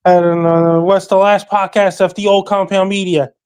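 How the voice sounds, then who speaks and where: A man appearing as a podcast guest, talking in a flat recital that lists facts, dates and handles one by one. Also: high voice, moderate pace, smooth. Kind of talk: casual call-in chat.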